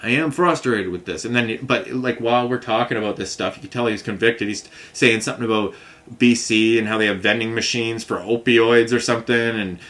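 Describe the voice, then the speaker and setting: A man's voice: medium pitch, brisk, fairly bright tone. Rambling, frustrated man telling a story. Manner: frustrated, rambling storytelling full of "like" and "you know what I mean". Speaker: vlogger recounting a customer complaint. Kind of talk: casual rambling monologue.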